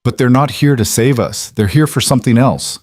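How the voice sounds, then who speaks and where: A man's voice: medium pitch, brisk, a little mellow, no echo, studio quality, voice pushed up, lightly acted. A man voicing a mafia boss caught in a gunfight, speaking tersely with tension in an audio story. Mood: shaken. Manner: terse, tense. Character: guarded mafia boss under fire.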